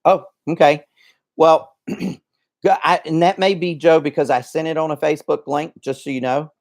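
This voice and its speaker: A man's voice: fairly high pitch, steady tone, fairly quick, vocal fry. A man hosting a casual livestream, chatty and rambling, with many fillers and restarts, a little out of breath. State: slightly out of breath. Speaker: livestream host.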